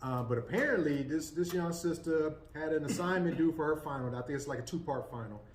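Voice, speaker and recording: A man co-hosting a casual podcast, recounting a news story in a measured way and hedging with "kinda" and "basically". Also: a little high. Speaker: podcast co-host. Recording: echoey room with faint noise.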